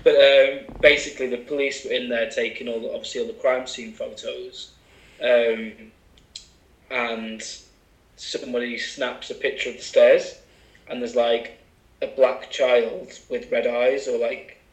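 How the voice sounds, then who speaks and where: A man's voice: medium pitch, flat delivery, unhurried, reverberant, poor audio. A man from England chatting casually as a podcast guest, with many fillers and asides. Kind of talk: casual chat.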